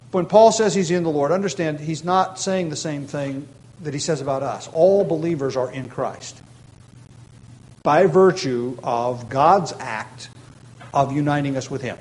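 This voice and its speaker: A male pastor teaches through a scripture passage in a steady, explanatory sermon. His voice sits a bit higher than most men's, and he lifts it to stress key points while filling pauses with small hesitations. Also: low-quality recording. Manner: measured teaching with emphatic rises and frequent fillers. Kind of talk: expository sermon.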